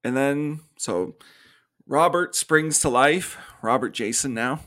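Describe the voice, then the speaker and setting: This podcast co-host speaks slowly in a mid-range, fairly bright voice. In a casual film review chat, he recaps a movie's plot, acting out the characters' lines and laughing often.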